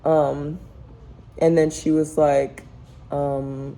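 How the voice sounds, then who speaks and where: A woman's voice: sits low, level tone, takes it slowly, vocal fry, long pauses, warm tone, slight background noise, poor audio. A young adult woman chatting through a rambling storytime in her home kitchen while cooking, full of fillers. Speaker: family vlogger. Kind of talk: casual storytime chat.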